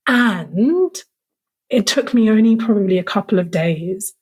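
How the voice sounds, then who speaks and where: A woman's voice: medium pitch, expressive, a little slow, a little mellow, breathy edge. A woman guest on a podcast, speaking casually and frankly about her own experiences, with many fillers of "like". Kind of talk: candid personal storytelling in conversation.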